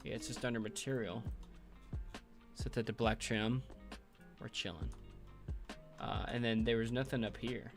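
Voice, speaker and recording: Talking over music, this man narrates his game-world building on a livestream in a relaxed way, muttering his thoughts with filler words and little laughs. His mid-range voice keeps a steady tone at a moderate pace, broken by long pauses.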